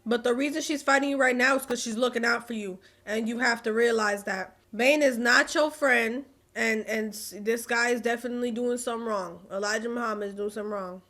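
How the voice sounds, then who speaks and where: A woman's voice: a little high, steady tone, fairly quick, hardly any pauses, a bit bright. A young woman hosting a reaction video, chatting casually and talking back to the screen. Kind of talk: casual film commentary.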